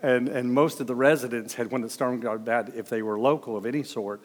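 A pastor delivers a sermon full of personal stories, chuckling and acting out what people said. He speaks fairly quickly at medium pitch with fairly even intonation, and the audio has a big-room sound.

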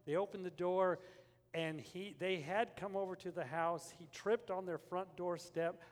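An older man preaching a sermon, telling a family story and then building up to forceful preaching. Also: high-pitched, moderate pace, in a large hall. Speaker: pastor.

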